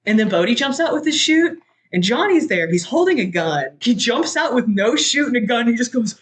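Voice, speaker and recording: Excitable podcast guest acting out scenes. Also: moderate pace. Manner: excitable, acts out quotes with big pitch jumps. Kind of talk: casual chat, animated film recap.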